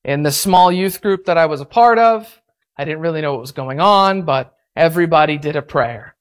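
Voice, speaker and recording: A man pastor preaching a sermon, telling a story in an animated and self-mocking way. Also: a little high, normal speed.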